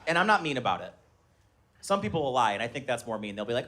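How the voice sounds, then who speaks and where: A man's voice: mid-range voice, fast talker. A stand-up comedian in his thirties, telling stories on stage and acting out the voices of his family and others. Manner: animated storytelling, acts out voices of his kids and others. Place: live comedy venue with audience.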